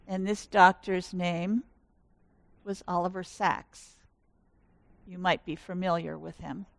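A woman pastor giving a sermon in slow, measured storytelling. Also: on the low side, fairly even intonation, vocal fry, no room sound.

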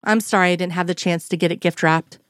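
A woman reading the lines of a middle-aged male federal agent in a dry, gently teasing way. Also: on the low side, steady tone, quick pace, no echo, lightly acted. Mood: calm.

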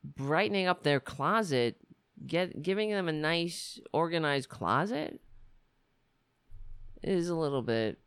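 A woman's voice: low voice, expressive, takes it slowly, pauses often, clean tone, no echo, clean studio sound. A woman delivering a sardonic, rambling comic monologue from the United States. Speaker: comedian. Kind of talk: stand-up style comic monologue.

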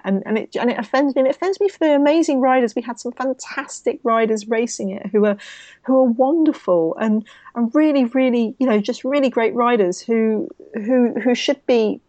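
A woman with a South East London accent co-hosts a casual podcast, talking in an indignant, ranting way. Her voice sits a little high, and the sound is dry and close. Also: brisk, a little mellow, no room sound. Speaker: podcast co-host.

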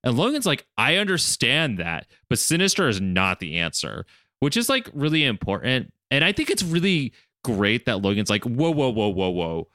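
Lively bright-voiced man recapping a cartoon. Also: medium pitch, moderate pace, no room sound, studio quality. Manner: animated, acts out characters' lines while retelling. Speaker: podcast co-host. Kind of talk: casual recap chat.

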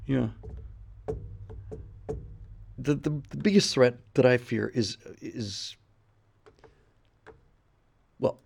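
Gravelly, rambling middle-aged man. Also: medium pitch, extremely slow, long pauses, a little mellow. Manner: rambling, repeats words while thinking. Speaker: livestream host. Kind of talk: casual livestream chat.

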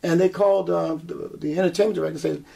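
A singer and performer guesting on an interview tells his story with animation, acting out what people said to him and laughing often. His voice is a little high, with vocal fry, and he talks fast.

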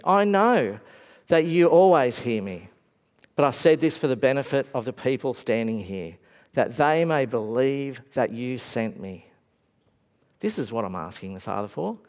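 A man preaching a sermon in a lively storytelling manner, acting out the lines he retells. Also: fairly high pitch. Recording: long hall reverb.

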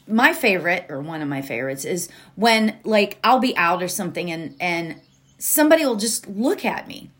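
A woman hosting a motivational podcast, talking casually and directly to her listeners with frequent laughs. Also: a little high. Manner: chatty, laughs often, addresses listeners directly. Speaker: podcast host.

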